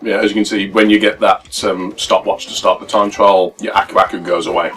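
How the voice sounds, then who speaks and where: A man's voice: deep voice, little pitch movement, brisk, a bit bright. A young man co-hosting a let's play, chatting casually and explaining game mechanics at length. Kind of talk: casual gameplay commentary. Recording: distant mic with game music behind.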